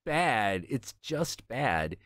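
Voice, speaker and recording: A man's voice: mid-range voice, very animated, extremely slow, fairly bright tone. A man hosting a casual stream, chatting about comics in a rambling, profane way and stopping to search for things as he talks. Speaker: stream host.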